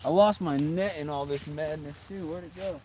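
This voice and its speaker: Young male fishing streamer, slightly high voice, casual and exasperated, faint outdoor ambience. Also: normal speed, a little mellow, a little hiss or hum. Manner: exasperated, repeats himself, talks to chat. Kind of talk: casual live-stream chat. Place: outdoors by water.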